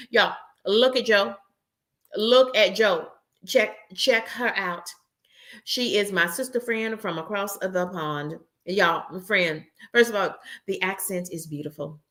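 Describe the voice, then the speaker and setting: A woman's voice: lowish voice, pushed and bright. A woman in her late forties hosting a casual livestream, upbeat and preachy, calling her viewers y'all and friends. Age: 40s. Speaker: YouTube channel host.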